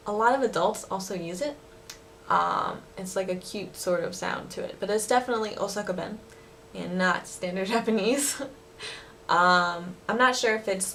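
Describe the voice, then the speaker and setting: A woman's voice: mid-range voice, a bit bright, slight background noise. A young woman teaching words in a casual lesson, chatty, laughing often and using many fillers. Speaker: language teacher vlogger. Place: living in Osaka.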